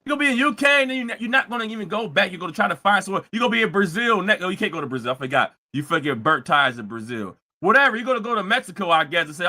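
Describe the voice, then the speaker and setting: A man hosting a live-streamed talk show, ranting heatedly and mockingly, repeating himself and often breaking into shouts. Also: sits high, lively intonation, rapid-fire, hardly any pauses. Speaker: show host. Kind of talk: live-streamed commentary rant.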